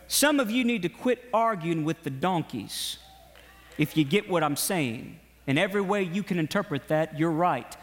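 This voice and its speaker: A male preacher delivers an animated sermon in a high voice, mixing storytelling with urgent exhortation. A long reverb from a large hall hangs behind every line. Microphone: broadcast to online viewers.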